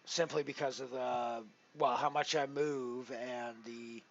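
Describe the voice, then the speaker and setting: A man commentating his poker stream in a casual, rambling way, full of restarts, his loudness rising and falling as he goes. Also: mid-range voice, fairly even intonation, slow, muffled recording, soft background music. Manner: rambling, with many restarts and big swings in loudness. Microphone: headset.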